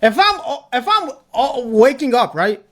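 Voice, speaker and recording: Give me a young adult livestreamer ranting emphatically to chat, with a lively, bouncing delivery. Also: medium pitch, unhurried. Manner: repetitive, emphatic, swears a lot. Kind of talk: ranting tier-list commentary.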